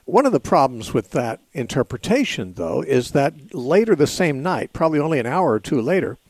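A man hosting a call-in radio show and answering Bible questions in a measured, explanatory way, often pausing with "uh" and "you know". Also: a little high, sing-song, darkish tone, no echo.

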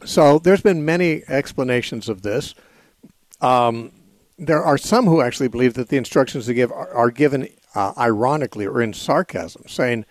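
A man hosting a call-in radio program, explaining scripture at an unhurried, measured pace. He pauses often with small fillers. His voice is close and dry, with no room sound, from a studio microphone. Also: medium pitch, dry recording. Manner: measured, explanatory, with frequent "uh" and "you know". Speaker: radio call-in show host. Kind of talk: call-in radio Bible answers.

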